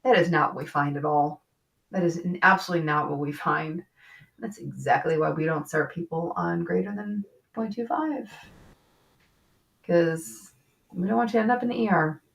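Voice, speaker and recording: A talkative woman hosting a relaxed live-stream chat, laughing easily and filling her sentences with "like". Her voice sits a little low. The mic is set back from her, so she sounds somewhat distant. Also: normal speed, vocal fry. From western New York. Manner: chatty, laughs often, many fillers. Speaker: physician host.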